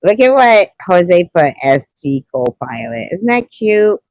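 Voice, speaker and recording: A woman's voice: lowish voice, sing-song, measured pace, darkish tone, dry recording, poor audio. A woman hosting a live stream, telling stories in casual chat, swearing freely and laughing as she goes. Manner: profane, laughs through her stories.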